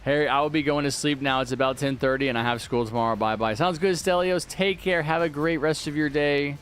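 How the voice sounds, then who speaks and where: A man's voice: on the high side, fairly quick, fairly bright tone, faint music behind. A man live-streaming a video game, chatting casually, reading viewer messages aloud and thanking donors. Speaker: livestreaming gamer.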